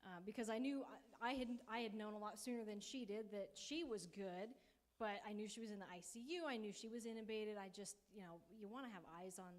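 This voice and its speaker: A woman's voice: medium pitch, quick pace. A young adult woman sharing a personal testimony at a church conference, light and joking, laughing as she talks. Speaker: conference speaker.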